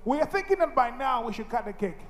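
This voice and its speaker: A man's voice: very high voice, fast, in a large hall. A male MC, hyping the audience and calling for applause at a celebration. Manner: excited, urges applause. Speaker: event MC.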